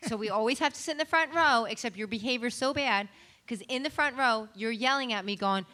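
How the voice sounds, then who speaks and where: A woman's voice: a little high, brisk, sharp tone. A woman co-hosting a live comedy show, teasing her husband and correcting his story. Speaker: co-host. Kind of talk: casual banter.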